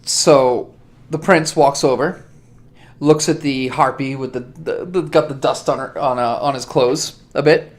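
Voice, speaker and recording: A man's voice: medium pitch, steady tone, a little slow. A man narrating as game master for a tabletop game, in a casual, chatty way with laughs and fillers.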